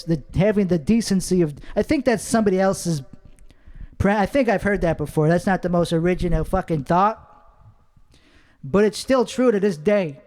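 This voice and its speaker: High-voiced man in a profane, rambling monologue. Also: moderate pace, darkish tone, big-room sound. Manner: profane, rambling, self-critical; speaking in a put-on accent. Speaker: comedian working out bits. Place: home studio.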